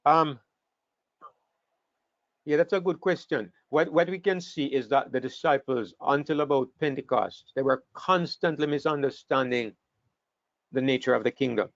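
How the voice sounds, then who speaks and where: A man teaching an online Bible class, talking in an animated way and sometimes repeating words as he thinks. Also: medium pitch, normal speed, no echo. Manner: animated, acts out scripture quotes, repeats words while thinking. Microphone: online call microphone. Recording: dull, dry online call audio.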